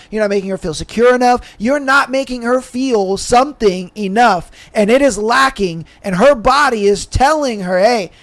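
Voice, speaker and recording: Guy with a pretty high voice hosting a podcast, frank, keeps saying bro. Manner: emphatic, frank, says bro a lot. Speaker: podcast host. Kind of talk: casual podcast chat.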